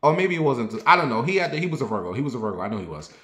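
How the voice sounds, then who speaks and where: A man hosting, telling a comedic story in an animated way, with quick bursts and drawn-out asides. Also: mid-range voice, echoey room. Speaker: host.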